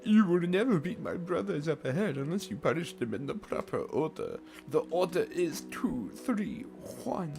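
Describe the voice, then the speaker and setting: A man's voice: fairly high pitch, big pitch swings, moderate pace, vocal fry, few pauses, over music, pitched above the performer's own voice. A man voicing a small, cowardly male plant creature in a put-on German accent, pleading and wheedling.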